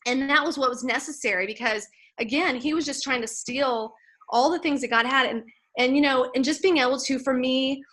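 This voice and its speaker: Woman in her 40s, bright voice, fairly high, earnest faith testimony, chatty with lots of "like", fired-up preaching. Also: brisk. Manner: chatty, many "like"s and "you guys". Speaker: speaker at a sales team event. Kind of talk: motivational faith testimony speech.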